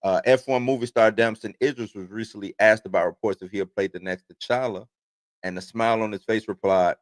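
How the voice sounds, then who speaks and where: A man's voice: on the low side, steady tone, a little fast, dry recording. A man in his forties hosting a casual livestream, reading entertainment news aloud and then rambling off into his own stories. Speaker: host.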